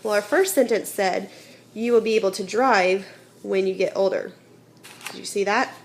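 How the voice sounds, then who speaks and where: A woman of medium pitch and moderate pace teaches a grammar lesson to children, with slight background noise. The elementary teacher explains patiently step by step, regularly checking in with "okay?".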